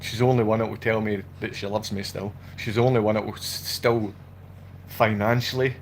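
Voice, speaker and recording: A man's voice: fairly low pitch, flat delivery, a little fast, a little hiss or hum. Agitated man ranting. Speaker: vlogger. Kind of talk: impassioned livestream monologue. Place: at home indoors.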